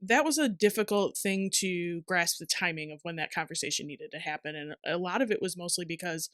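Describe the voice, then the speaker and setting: A woman's voice: lowish voice, a little fast, a bit bright, clean tone, no room sound. Blunt, dry-humored woman guest. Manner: blunt, dry humor, short agreeing replies. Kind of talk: casual chat.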